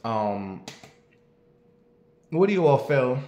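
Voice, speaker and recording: Hosting his own show at home, a man in his late thirties offers blunt, expletive-filled casual commentary and asks his audience for their views. His mid-range voice is warm, with big pitch swings and a slow pace. The room sounds echoey.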